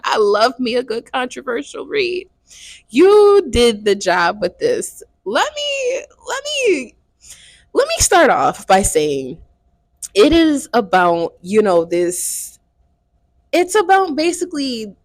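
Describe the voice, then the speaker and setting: A woman's voice: high-pitched, no room sound, studio quality. A woman chatting casually to her viewers in a book review vlog. She swears freely and keeps checking in with her audience.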